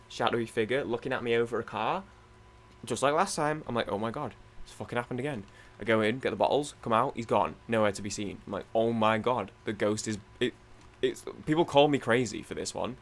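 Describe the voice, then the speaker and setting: A young man, casually rambling through a story while playing a game, animated and swearing freely. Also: mid-range voice, fast. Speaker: gaming video host.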